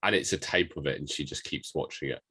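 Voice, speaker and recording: A man co-hosting a podcast in casual chat, animated, telling anecdotes and joking around. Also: rumbling low, quick pace, husky. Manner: animated, tells anecdotes, does impressions. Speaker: podcast co-host.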